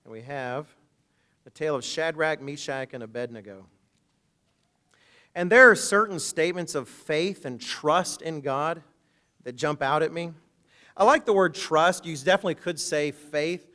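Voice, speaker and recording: Speaking at a normal speed, a man who is a minister delivers a sermon, reading passages of scripture and joking conversationally about them. His delivery swings from loud, emphatic quotes to quiet, hushed asides.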